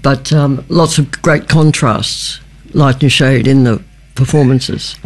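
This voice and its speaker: A man's voice: mid-range voice, fairly even intonation, takes it slowly. A male jazz band member, filling in dates and details during an interview. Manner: informative, adds dates and details. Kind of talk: interview conversation.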